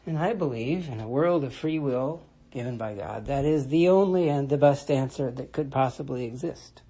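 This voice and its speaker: A commentator talks alone in a slow, deliberate way, repeating key points for weight. The voice is warm and relaxed, with a breathy, slightly husky edge. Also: medium pitch. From United States. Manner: measured and deliberate, restating points for emphasis. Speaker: Christian commentator. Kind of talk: reflective solo monologue.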